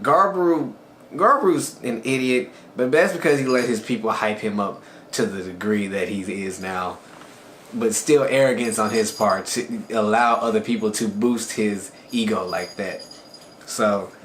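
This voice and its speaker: Excitable man recapping anime in an echoey room. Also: medium pitch. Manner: excited storytelling, loose and conversational. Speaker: anime reviewer. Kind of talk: casual episode recap. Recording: echoey room with faint background noise.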